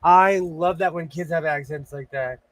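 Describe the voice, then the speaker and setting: A man's voice: on the high side, normal speed, fairly bright tone, no echo. An older man hosting a casual livestream chat, talking chattily and laughing easily. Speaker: host.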